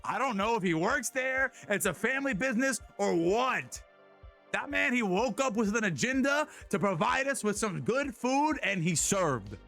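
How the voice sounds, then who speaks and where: A man streaming live, telling a rambling, slang-filled story in a casual, animated way. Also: high-pitched, moderate pace, vocal fry, faint music behind.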